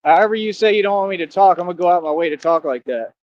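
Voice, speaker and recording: A man's voice: high voice, rapid-fire, highs cut off. A man live-streaming, boastful and confrontational as he talks back to commenters in a casual rant.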